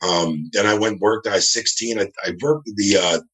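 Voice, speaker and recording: In a casual storytelling interview, a New Jersey wrestling referee calls in by video from his home as a guest, drifting through anecdotes and imitating the people he quotes. His voice is on the low side, a bit bright, and fairly quick.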